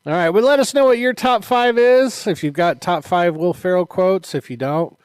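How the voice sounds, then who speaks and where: Upbeat male co-host, fairly high voice, dry close sound, lively storyteller. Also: normal speed, clean tone, no echo. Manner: animated storyteller, acts out quotes, laughs often. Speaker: podcast co-host, martial arts instructor. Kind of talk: casual chat.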